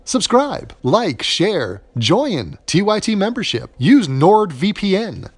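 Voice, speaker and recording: A man's voice: high-pitched, big pitch swings, slow, slightly rough. A man giving a sarcastic, profane reaction commentary, recorded on a phone while in bed at home. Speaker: online commentator.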